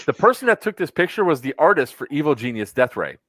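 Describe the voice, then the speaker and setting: Profane, animated man telling a story. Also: on the high side, fast, dry recording. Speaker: podcast host. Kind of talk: casual storytelling chat.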